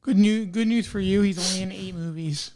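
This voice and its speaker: A man on a casual podcast chat confidently reading out facts. His voice has a gravelly edge. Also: sits high, fairly quick, darkish tone.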